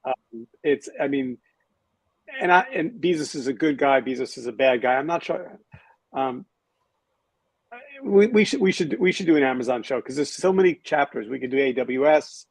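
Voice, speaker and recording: Male host, gravelly and wry, loose restarts, dry booth. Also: mid-range voice, animated, normal speed, dry recording, low-quality recording. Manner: wry, sarcastic, thinks aloud with restarts. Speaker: podcast host. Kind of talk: casual panel discussion.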